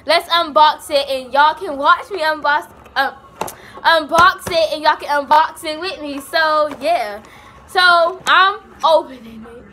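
A young woman vlogs in a high, bright, bubbly voice. She sounds giddy and slightly out of breath as she chats with her viewers. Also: measured pace, slight background noise. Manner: excited, bubbly, chatty. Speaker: vlogger. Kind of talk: casual vlog chat.

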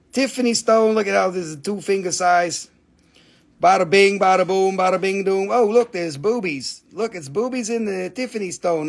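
A man's voice: fairly high pitch, vocal fry. A man hosting a live online sale, chatting casually in a playful, goofy, joking way. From Appalachian region of the United States. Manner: playful, goofy, jokey wordplay. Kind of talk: casual live auction chat.

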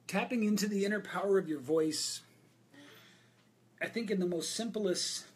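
Speaking a little high, a voice and presentation coach takes questions from his audience over a video call. His answers about voice and speaking come across as candid and energetic, sprinkled with frequent fillers.

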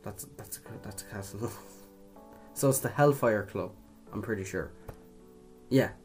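A man's voice: fairly low pitch, unhurried, darkish tone, faint music behind. A young man from Ireland doing casual quiz commentary, chatty, swearing casually and laughing at his own jokes. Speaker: video creator.

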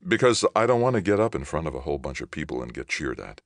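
A man's voice: extremely low pitch, sing-song, fast, dry recording, exaggerated voice. A man reading an audiobook, voicing a reserved, blunt young ex-soldier.

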